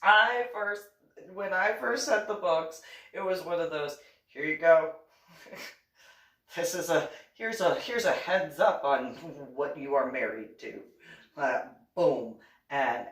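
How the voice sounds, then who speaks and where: A woman's voice: sits low, slow pace, a bit bright, echoey room, recorded from a distance. A woman hosting her own channel, talking in a casual monologue, laughing often and mocking others with put-on quotes.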